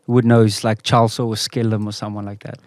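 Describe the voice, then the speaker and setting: A man's voice: lowish voice, little pitch movement, fast, darkish tone, no echo, clean studio sound. A man from South Africa co-hosting a casual podcast, telling stories and laughing often. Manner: storytelling, laughing often, says bro a lot. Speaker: podcast co-host. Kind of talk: casual chat. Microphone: studio mic.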